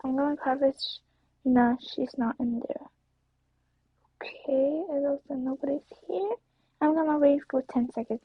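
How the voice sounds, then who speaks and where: A woman chatting casually over her gameplay, rambling, slipping into whispers and breaking into sudden excited outbursts. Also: high-pitched, creaky, no room sound. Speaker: gameplay streamer. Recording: dull lo-fi dry recording.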